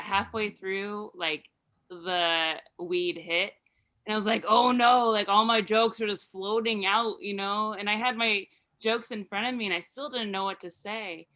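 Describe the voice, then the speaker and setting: A woman doing a rambling, halting stand-up set full of fillers over a video call. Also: on the low side, pushed and bright. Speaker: stand-up comedian.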